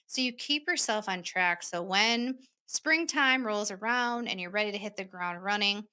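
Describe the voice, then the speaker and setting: A woman's voice: medium pitch, moderate pace. A woman hosting a podcast, talking casually and chattily, acting out what people said. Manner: chatty, animated, acts out quoted remarks. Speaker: podcast host. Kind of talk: casual solo podcast talk.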